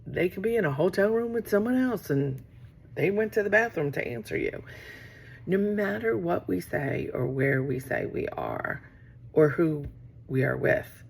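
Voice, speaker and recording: A woman's voice: lowish voice, expressive, a little slow, creaky, darkish tone, slight background noise. A middle-aged woman talking casually to camera from her office, rambling and acting out conversations she has had. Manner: rambling, acts out quoted exchanges. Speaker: vlogger.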